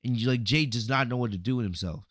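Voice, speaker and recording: Animated man recapping, dry sound. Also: mid-range voice, quick pace, dry recording. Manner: animated storytelling, acts out quotes, frequent "right?" and "you know". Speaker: podcast host reviewing wrestling. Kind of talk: casual solo review commentary.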